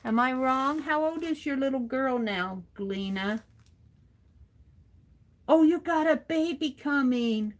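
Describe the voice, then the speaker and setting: A middle-aged woman hosting an art journaling livestream, chatting warmly with viewers by name and reading their comments aloud while she works. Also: high-pitched, slow. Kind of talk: casual chat while crafting.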